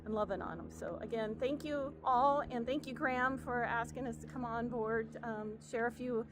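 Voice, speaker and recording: American woman, chaplain, earnest casual video message, rather high voice, many fillers, faint background noise. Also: moderate pace. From United States.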